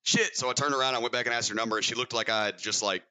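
A young man from Mississippi with a Southern accent and a deep voice, telling a rambling, self-mocking story as a podcast guest. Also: fairly even intonation, rapid-fire, pushed and bright, smooth. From Mississippi, USA. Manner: rambling, self-mocking, laughs through stories. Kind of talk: casual storytelling.

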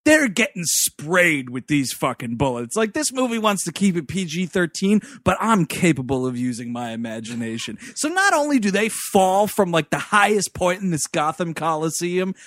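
A man's voice: high voice, big pitch swings, normal speed, hardly any pauses, a bit bright, no room sound, studio quality. A man co-hosting a casual comedic movie chat, riffing with profane jokes. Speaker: podcast co-host.

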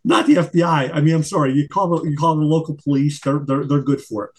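In a conversational interview, a middle-aged man who is a retired investigator and attorney speaks emphatically, often stumbling and starting over. His slightly high voice keeps a steady tone at a quick pace.

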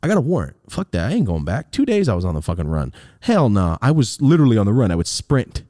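Lively young man, low voice, dry sound. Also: fast talker, dry recording. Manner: animated, swearing, laughing, acts out quoted lines. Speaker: podcast host. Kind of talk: casual storytelling.

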